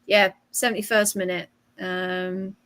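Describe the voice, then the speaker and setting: A woman's voice: medium pitch, flat delivery, a little slow, a bit bright. A woman hosting a casual football podcast, chatting and reading out messages from the chat with frequent ums. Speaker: podcast host. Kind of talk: casual chat and live match watch-along.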